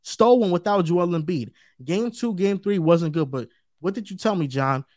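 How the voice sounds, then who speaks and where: A man's voice: high voice, moderate pace, a little mellow, dry recording, clean studio sound. A man co-hosting a sports debate show, talking emphatically and repeating his points for stress. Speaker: co-host.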